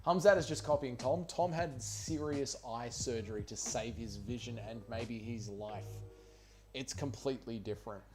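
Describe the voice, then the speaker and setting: A man's voice: mid-range voice, moderate pace, loud music behind the voice. A man hosting a casual livestream watch party, tipsy and rambling loosely with plenty of swearing. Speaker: livestream host.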